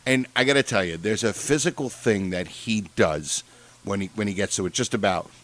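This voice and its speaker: A man in his fifties, co-hosting a casual podcast chat, enthusiastic and quick to laugh while acting out scenes. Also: on the low side, a bit bright. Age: 50s. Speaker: podcast co-host.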